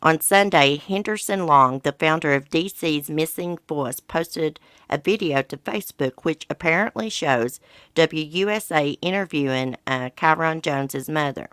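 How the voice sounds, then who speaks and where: A woman's voice: low voice, unhurried, fairly bright tone, clear, resonant tone, no echo, clean studio sound. A woman hosting a casual commentary show, reading news reports aloud and breaking in with blunt, sarcastic asides. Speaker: host.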